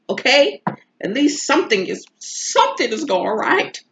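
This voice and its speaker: A woman's voice: a little high, huge pitch swings, normal speed, vocal fry, background noise. Emotional woman with a stuffy nose. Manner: emotional, rambling, rhetorical asides. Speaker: astrology and tarot reader. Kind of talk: casual confessional vlog chat. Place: home.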